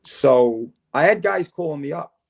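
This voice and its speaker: A man's voice: on the high side, measured pace, creaky, crowd noise. An older man, a podcast guest telling long stories and acting out the conversations in them. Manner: animated storyteller, acts out dialogue. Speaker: podcast guest, retired fire chief. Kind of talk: casual storytelling interview.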